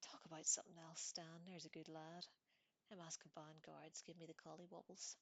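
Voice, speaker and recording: A woman voicing a gruff older male bus driver who speaks slowly and darkly, in a whispered storybook reading. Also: low voice, little pitch movement, no room sound. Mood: uneasy. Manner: slow, dark, few words.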